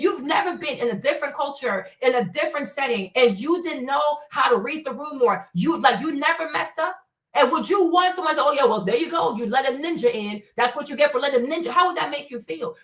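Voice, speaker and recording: High bright-voiced woman ranting on stream. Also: far from the mic. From Africa. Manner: emphatic, profane, rapid rhetorical questions. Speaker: streamer host. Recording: roomy echo, off-mic.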